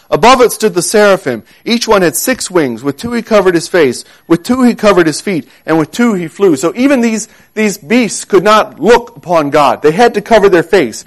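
A man delivers a sermon in a fairly high voice. He speaks earnestly and with emphasis, repeating key words for weight. When he reads scripture aloud, he slows down. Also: expressive. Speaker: preacher.

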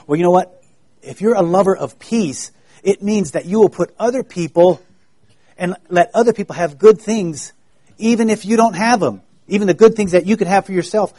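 Gentle man preaching to children. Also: fairly high pitch. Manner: gentle, folksy, asks children questions. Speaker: pastor giving a children's sermon. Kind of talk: children's sermon.

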